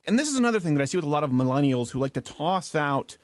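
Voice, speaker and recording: A man talking as a guest in a casual interview, animated and blunt, acting out quotes as he goes. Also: on the high side, racing, dry recording.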